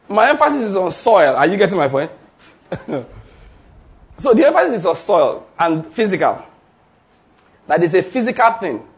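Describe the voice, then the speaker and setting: A man preaching a sermon, emphatic and drawing answers from the congregation. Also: sits high. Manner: emphatic call-and-response preaching. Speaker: pastor.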